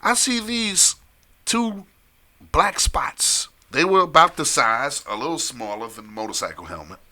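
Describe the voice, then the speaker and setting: A man telling a long story in casual chat on a live stream, animated, repeating phrases and laughing often. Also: on the high side, measured pace.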